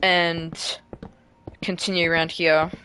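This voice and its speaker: A woman giving casual gameplay commentary while she builds, rambling and self-deprecating, often trailing off quietly. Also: fairly low pitch, flat delivery, slow pace, slight background noise. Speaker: gaming creator.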